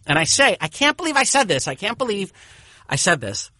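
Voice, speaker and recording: A man from Massachusetts telling an animated, self-mocking story as an interview subject. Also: a little high, quick pace, dry recording.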